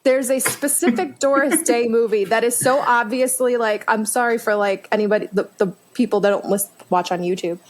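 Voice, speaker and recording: A woman's voice: a little high, fairly even intonation, fairly quick, hardly any pauses. A woman co-hosting a podcast in casual chat, joking and telling stories with animation. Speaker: podcast co-host.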